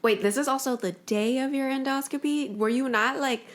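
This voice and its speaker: A young woman co-hosting a casual podcast, soft-spoken and full of quick listening replies. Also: high voice. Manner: soft-spoken, reactive listener with frequent backchannels. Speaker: podcast co-host. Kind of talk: casual chat.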